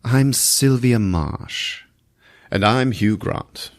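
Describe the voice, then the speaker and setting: A man's voice: medium pitch, very slow, dry recording, clean studio sound. A man doing an impression of a stammering, posh young lord, hesitant and polite.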